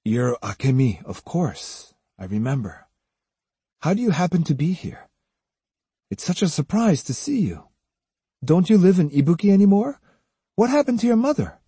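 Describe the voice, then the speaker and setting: A male narrator voicing a young swordsman who asks quick, pressing questions. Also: fairly high pitch, big pitch swings, warm tone, slightly rough, no echo, voice pushed up, full character voice.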